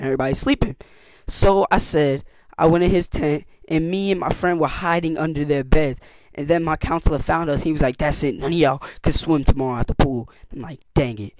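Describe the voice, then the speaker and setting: A teenage boy telling camp stories in a casual vlog, slangy and animated, acting out what people said with big jumps in his voice. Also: on the high side, fairly quick, a little hiss or hum. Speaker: youtuber.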